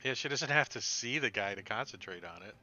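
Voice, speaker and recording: Animated bright-voiced game master man. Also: on the low side, fairly quick, highs cut off. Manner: animated, acts out sound effects and shouts. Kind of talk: narrating a tabletop game.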